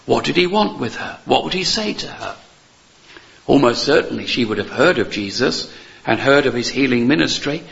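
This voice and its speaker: Gravelly-voiced preacher, earnest and emphatic. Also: male voice, medium pitch, lively intonation, normal speed, fairly bright tone, lo-fi sound. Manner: earnest, emphatic repetition with rhetorical questions. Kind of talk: sermon.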